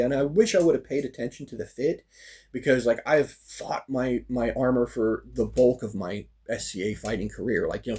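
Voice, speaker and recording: A man with a husky, slightly breathy voice spins a casual personal story, sitting at a middling pitch. He talks in an animated way, with frequent fillers, and acts out the lines of the people in it. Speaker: storyteller recounting a fighting practice.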